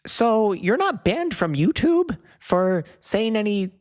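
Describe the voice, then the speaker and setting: A man imitating his confused middle-aged mother in a high, halting voice. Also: sing-song, exaggerated voice. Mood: puzzled. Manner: high squeaky halting voice, slow and unsure.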